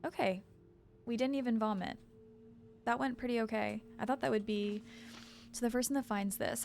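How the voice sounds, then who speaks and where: A woman's voice: fairly high pitch, normal speed, creaky, pauses often, darkish tone, slight background noise. A woman variety streamer chatting casually with viewers over a game, thanking them and rambling in asides. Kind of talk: casual live-stream chat over gameplay.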